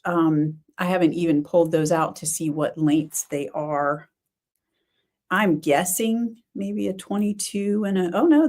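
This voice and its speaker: A middle-aged woman hosting a knitting podcast, chatting casually and thinking aloud with quick exclamations. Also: mid-range voice, dark tone. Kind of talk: casual livestream chat.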